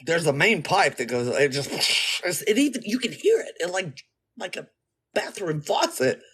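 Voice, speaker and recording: Speaking directly to his audience, this man spins a rambling, slang-filled story with lively energy. His voice is high with a breathy edge, delivered at normal speed.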